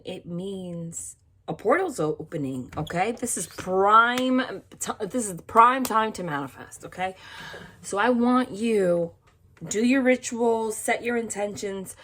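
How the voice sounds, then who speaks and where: A woman tarot reader talking casually to her viewers about spiritual practice, stopping often to check in and correct herself. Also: on the low side. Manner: chatty, repeats "okay?", frequent small slips and self-corrections. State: cold, shivering. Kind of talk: casual spiritual talk to camera.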